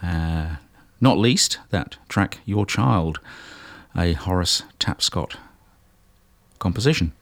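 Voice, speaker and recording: Deep-voiced New radio host. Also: male voice. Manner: relaxed and unhurried, with frequent pauses and "uh" fillers. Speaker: radio jazz show host. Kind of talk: casual radio presenting between tracks.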